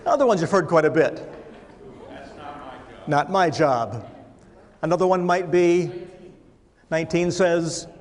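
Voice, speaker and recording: Middle-aged guy, fairly high voice, funny keynote to a crowd, sets up jokes then lands them. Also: darkish tone. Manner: humorous storytelling, punchline timing. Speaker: motivational speaker. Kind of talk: keynote speech to a live audience. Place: large room with audience.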